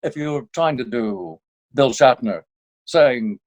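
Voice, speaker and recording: A man, a voice actor guest, telling lively anecdotes in a casual interview and slipping into quick impressions. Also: medium pitch, rough recording.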